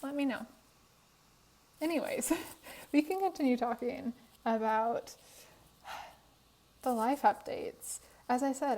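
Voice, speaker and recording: Young female creator, mellow and a touch high, tired, chatty voiceover recorded on a phone in an apartment. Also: a little slow, pauses often, low-quality recording. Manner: chatty, laughs often, tired. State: tired, worn voice. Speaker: Sims speed build creator. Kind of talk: casual voiceover chat. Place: apartment room.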